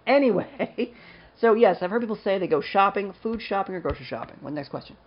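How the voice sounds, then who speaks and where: Fast-talking chatty man on a podcast. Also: sits high, lively intonation, highs cut off. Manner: chatty, jokey, laughs often. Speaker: podcast co-host. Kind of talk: casual chat.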